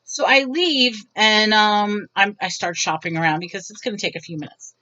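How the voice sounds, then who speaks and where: A woman vlogger tells stories casually and ramblingly, animatedly acting out the lines of the people in them. Her voice is medium-pitched at normal speed, and the recording has a dull lo-fi sound.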